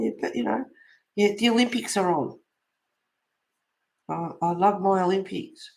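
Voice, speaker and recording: Gravelly man, a colouring host with easy, rambling chatter. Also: high-pitched, a little slow, pauses often, a little mellow, low-quality recording. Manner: chatty, rambling anecdotes with laughs. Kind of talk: casual chat while colouring.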